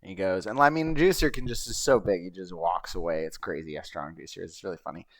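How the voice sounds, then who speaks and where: A man's voice: deep voice, fast, no echo. A man hosting his own show, chatting casually over a video he plays, rambling and swearing now and then. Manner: rambling and chatty, with frequent fillers and profanity. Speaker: host.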